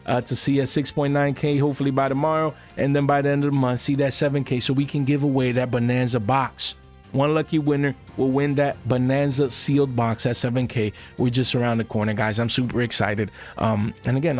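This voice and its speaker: Speaking at a medium pitch, a man offers casual, animated commentary on the card market to his viewers. He uses lots of slang and keeps addressing them as "guys" in asides.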